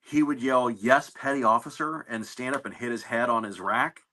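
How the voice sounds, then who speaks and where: A man in an interview, telling stories about his navy service in a relaxed, anecdotal way with fillers and restarts. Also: medium pitch, fairly quick. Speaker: navy veteran guest. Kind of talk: casual interview storytelling.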